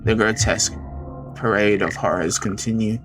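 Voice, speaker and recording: A man streaming a visual novel, reading it aloud dramatically with excited outbursts. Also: fairly low pitch, normal speed. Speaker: game streamer. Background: game music.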